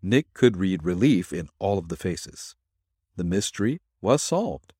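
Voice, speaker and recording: Male storyteller, low husky voice, lively pitch, dry close sound. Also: unhurried, no room sound. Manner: expressive storytelling. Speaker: narrator. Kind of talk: audiobook narration.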